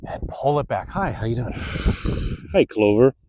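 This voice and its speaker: A man's voice: medium pitch, expressive, moderate pace, background noise. A middle-aged man leading a guided stretching class, upbeat and chatty, sighing through the stretches. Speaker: fitness instructor. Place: outdoors under open sky.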